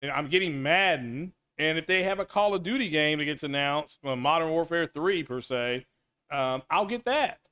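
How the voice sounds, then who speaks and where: A man's voice: on the high side, moderate pace, clean tone. A middle-aged man hosting a casual gaming talk stream, rambling and repeating himself as he answers chat. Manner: animated, rambling, repeats himself, reads chat names aloud. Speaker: gaming commentary host. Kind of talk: casual solo stream commentary.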